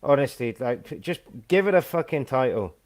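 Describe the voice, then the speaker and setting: A British man co-hosting a wrestling podcast, swearing freely in lively banter. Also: medium pitch, normal speed. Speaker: podcast co-host. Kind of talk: casual wrestling review chat.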